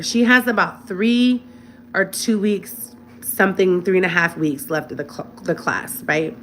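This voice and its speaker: A woman's voice: medium pitch, slight background noise. Chatty woman telling a story to her phone. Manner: chatty, animated, keeps checking in with "right?". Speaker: vlogger telling a personal story. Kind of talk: casual storytime monologue to camera. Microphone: phone camera.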